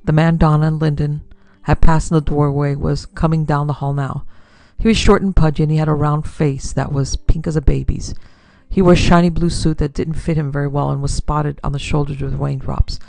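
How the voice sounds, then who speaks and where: A woman's voice: sits low, fairly even intonation, brisk, gravelly, darkish tone, no room sound. A woman narrating a classic pulp detective story as podcast host and producer. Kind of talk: scripted narration of pulp fiction.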